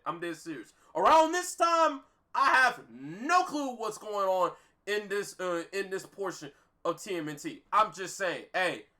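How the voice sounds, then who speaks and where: A man in his twenties hosting a reaction video, excitable and quick to repeat himself. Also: high voice. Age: 20s. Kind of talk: casual reaction commentary.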